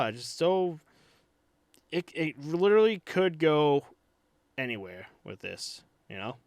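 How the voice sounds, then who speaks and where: A man's voice: fairly high pitch, very animated, takes it slowly, pauses often, no room sound. A man co-hosting a podcast in casual sports chat, rambling and hesitant with frequent fillers and restarts. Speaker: podcast co-host.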